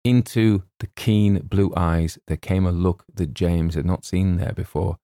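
A man reading a comic short story aloud in a measured, wry storytelling manner. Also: sits low, fairly even intonation, dark tone, no echo, clean studio sound. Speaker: audiobook reader. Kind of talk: scripted narration.

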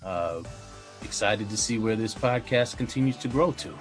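A man co-hosting a podcast in casual chat, laid-back and quick to laugh. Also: on the low side, soft background music. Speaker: podcast co-host.

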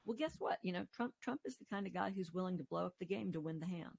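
Middle-aged woman, ex-prosecutor guest, low and gravelly, measured and teacherly. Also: a little mellow, no room sound. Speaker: former U.S. attorney, guest. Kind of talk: interview conversation.

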